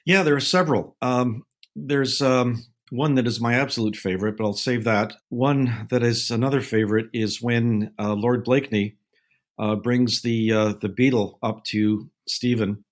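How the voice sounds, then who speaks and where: A man in his sixties, a guest on an interview show, telling unhurried anecdotes and acting out the people he quotes. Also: mid-range voice, steady tone. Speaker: guest, naval film consultant. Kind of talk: relaxed interview storytelling.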